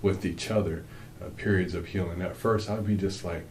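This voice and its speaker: A man's voice: deep voice, fairly even intonation, normal speed, a little mellow, roomy sound, slight background noise, poor audio. A man co-hosting a faith-based marriage talk with his wife, speaking earnestly and rambling with frequent restarts. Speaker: co-host, husband.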